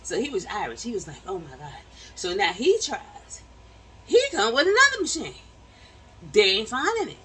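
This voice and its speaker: Animated woman telling a story. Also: fairly high pitch, normal speed, slightly rough, distant mic, rough recording. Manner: animated, repeats words, acts out quotes. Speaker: vlogger. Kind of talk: casual storytelling to viewers.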